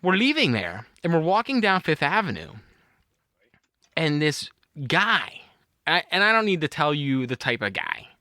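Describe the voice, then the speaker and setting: A man's voice: a little high, huge pitch swings, normal speed, sharp tone, dry recording, clean studio sound. A middle-aged man co-hosting a podcast, telling a rambling story in casual chat and laughing at his own anecdote. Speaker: podcast co-host.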